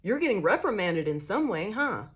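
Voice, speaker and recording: A woman's voice: mid-range voice, moderate pace. Blunt, profane woman ranting through a tarot reading. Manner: blunt, profane, animated ranting with many fillers. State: jittery from coffee. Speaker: tarot reader. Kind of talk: casual collective tarot reading.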